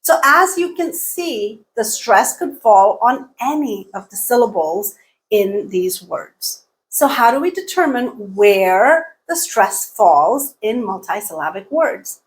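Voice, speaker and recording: A woman teaching an English pronunciation lesson, patiently repeating each example word slowly and checking in with frequent okays. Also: mid-range voice, big pitch swings.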